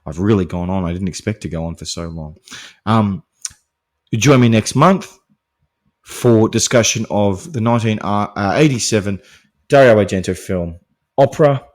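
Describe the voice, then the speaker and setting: A man's voice: on the low side, moderate pace, darkish tone. Man thinking aloud about a film. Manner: thoughtful, thinks aloud, often checks in with "right?". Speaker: podcast host. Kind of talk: solo film discussion podcast.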